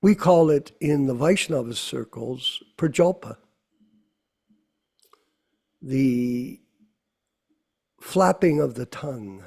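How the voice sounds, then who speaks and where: A man's voice: mid-range voice, animated, slow, creaky, pauses often, a little mellow. A man hosting a devotional scripture class, preaching with scolding rhetorical questions.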